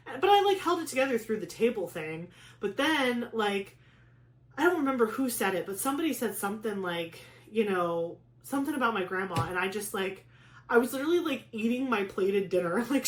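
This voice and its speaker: A young woman chatting casually, telling a personal story with lots of "like" fillers and animated retelling. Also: on the high side, roomy sound. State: pregnant. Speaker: craft vlogger.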